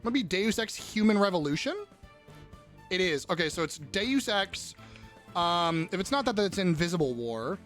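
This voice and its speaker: A man's voice: high voice, very animated, normal speed, a bit bright, soft background music. A young man live-streaming in casual chat, crudely joking and riffing on messages from his viewers.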